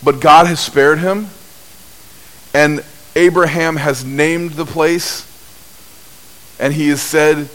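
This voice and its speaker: Slow-speaking man preaching a sermon. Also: low-quality recording. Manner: unhurried, animated storytelling with wide swings in pitch and loudness. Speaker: pastor.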